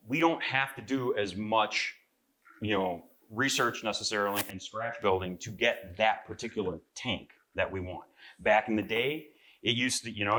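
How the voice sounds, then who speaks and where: A man's voice: fairly low pitch, sharp tone. A man, a magazine editor, giving a live seminar talk to an audience, chatty and often checking in with "right?". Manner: conversational, frequent "right?" to the audience, clears throat. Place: convention seminar room.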